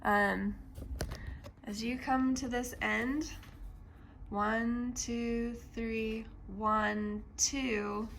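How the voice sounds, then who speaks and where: Woman, piano teacher, patient, slow delivery, creaky voice, casual lesson. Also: a little high, steady tone, a bit bright, a little hiss or hum. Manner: slow, patient explaining with frequent ums. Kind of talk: casual piano lesson, counting beats aloud. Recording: piano playing underneath.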